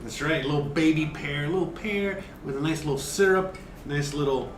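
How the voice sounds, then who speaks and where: A man's voice: on the high side, brisk, echoey room, a little hiss or hum. A man hosting a casual cooking livestream, chatting and explaining each step, cursing now and then. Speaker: cooking show host.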